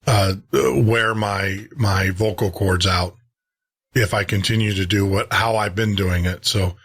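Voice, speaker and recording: A man from Tennessee hosting a show, chatting casually with frequent pauses and restarts. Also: fairly low pitch, fairly even intonation, fairly bright tone, breathy edge. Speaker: radio show host. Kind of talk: casual chat.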